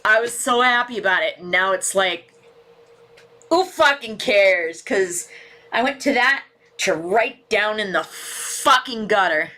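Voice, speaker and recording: A woman's voice: mid-range voice, lively intonation, slow pace, sharp tone. Swearing, frustrated woman on a livestream. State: near tears. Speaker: livestream host. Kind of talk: casual livestream chat. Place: home room with ceiling fan.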